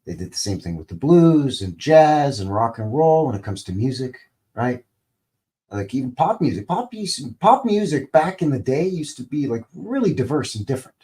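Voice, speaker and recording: A man's voice: mid-range voice, big pitch swings, normal speed, mellow. A man hosting a live stream, talking casually in a rambling, conversational way, full of "you know" and "right?".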